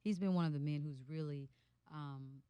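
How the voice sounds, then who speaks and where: A woman's voice: low-pitched, moderate pace, smooth, no echo, highs cut off. A woman in her thirties, a guest musician in a casual radio interview, telling stories with lots of fillers in a studio. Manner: animated storyteller, many fillers.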